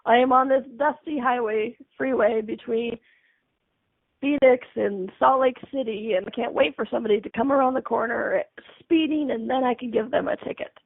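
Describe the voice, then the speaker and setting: A woman voicing a bored male highway cop who gloats while he waits to ticket speeders, over a tinny phone line. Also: moderate pace, gravelly, no echo, exaggerated voice. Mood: gloating. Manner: gloating laugh.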